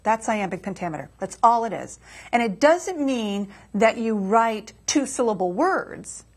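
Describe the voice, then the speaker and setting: Husky-voiced woman explaining poetry. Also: fairly high pitch, animated, measured pace. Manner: patient, explanatory, chants rhythms aloud. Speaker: poet and guest author. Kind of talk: reading a poem and explaining verse form. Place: community TV studio.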